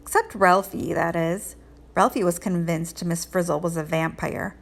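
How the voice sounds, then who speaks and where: Expressive woman reading a children's book aloud. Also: on the low side, normal speed, gravelly. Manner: expressive, lilting storytelling. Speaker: read-aloud host. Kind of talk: children's storybook read-aloud.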